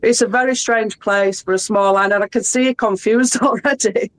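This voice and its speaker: A woman's voice: mid-range voice, steady tone, fairly quick, poor audio. A middle-aged woman with a Yorkshire English accent, a guest in an interview, explaining things in a chatty, friendly way. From Yorkshire, England. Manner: explanatory, chatty, laughs often. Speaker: guest, ambulance worker. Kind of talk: casual interview chat.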